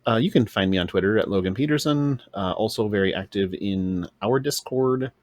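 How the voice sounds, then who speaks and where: Neckender Podcast-Mann, trockener Klang. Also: male voice, on the low side, a little fast, no echo. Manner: rambling, teasing. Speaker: podcast co-host. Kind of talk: casual podcast chat.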